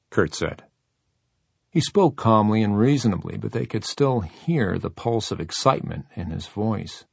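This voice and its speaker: Male audiobook narrator, low gravelly voice, dry close studio sound. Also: expressive, normal speed, darkish tone, no room sound. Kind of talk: scripted narration.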